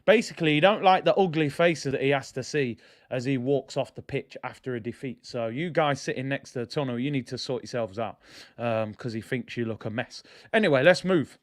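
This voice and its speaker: A man's voice: medium pitch, fairly quick. A young man hosting a fan channel, ranting in casual slangy commentary. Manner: animated, slangy, ranting with laughs. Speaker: football fan channel host.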